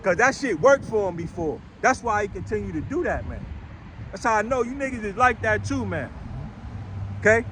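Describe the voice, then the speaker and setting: A man preaching outdoors on a city street, blunt and rough-spoken, hammering each point with "right?" and "man". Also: high-pitched, big pitch swings, moderate pace, a bit bright, slight background noise.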